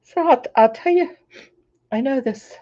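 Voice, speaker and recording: Chatty hoarse woman, high and slow, mellow tone, live on a laptop. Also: expressive, muffled recording. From Florida. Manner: chatty, greets viewers by name. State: hoarse, recovering voice. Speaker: crafting channel host. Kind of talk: casual livestream chat. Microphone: laptop microphone.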